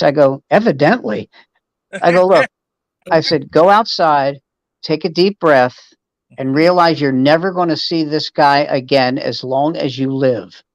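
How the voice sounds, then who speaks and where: A man's voice: on the high side, dry recording, rough recording. A man, a veteran standup comedian hosting the show, telling a profane story and acting out the voices of the people in it. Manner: animated anecdote teller, acts out voices, profane. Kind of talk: casual chat.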